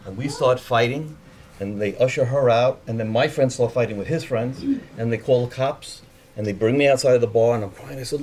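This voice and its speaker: A man's voice: medium pitch, brisk, darkish tone, slight background noise. A man telling a personal story in a candid, profane way, acting out the voices of the people in it.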